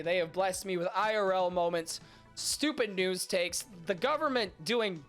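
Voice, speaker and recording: Hosting a podcast stream, a young man chats crudely and casually with his audience in a high-pitched, fairly bright voice. His allergies make him congested and nasal. Expect lots of swearing, jokes, and mocking of himself.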